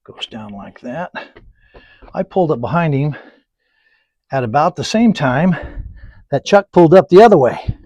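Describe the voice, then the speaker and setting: Man, painting instructor, husky voice, dry close sound, folksy rambling stories, soft mutters while painting. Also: a little high, expressive, normal speed, pauses often, no room sound. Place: painting studio.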